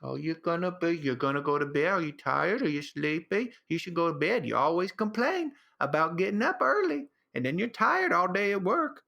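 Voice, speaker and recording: A man's voice: high voice, lively intonation, normal speed, vocal fry, few pauses, bright, forceful tone, exaggerated voice. A man putting on a silly, sing-song baby-talk voice, cooing and mock-scolding like he's talking to a pet. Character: fussy high baby-talk pet voice, male adult.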